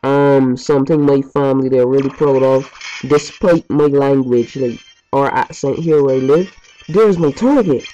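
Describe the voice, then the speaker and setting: A dark-toned, mid-range male voice, a little slow, comes from a let's play host chatting and rambling about his gameplay in his home basement. He swears mildly, and the audio is muffled lo-fi with game music behind it.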